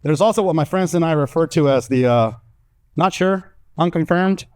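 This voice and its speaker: A young man from the American South with a Southern accent, doing a stand-up comedy set before a live audience with lively storytelling. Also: fairly high pitch, moderate pace, clear, resonant tone. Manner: animated, lively storytelling with acted-out voices.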